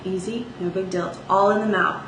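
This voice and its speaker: A woman's voice: medium pitch, steady tone, fairly quick, a bit bright. A woman teaching a singing lesson, speaking casually with sung demonstrations and frequent "okay?" check-ins. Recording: echoey room with faint ambient noise.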